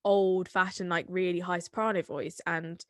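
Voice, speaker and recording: A woman's voice: lowish voice, little pitch movement, normal speed, dry recording. A young woman from the English West Country speaks with a Somerset accent, talking loosely and at length. She is full of fillers and restarts. Her voice sounds close and dry, with no room around it. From Somerset, England. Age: 20s. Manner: chatty, rambling, many fillers. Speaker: guest, singer-songwriter. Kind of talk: casual conversation.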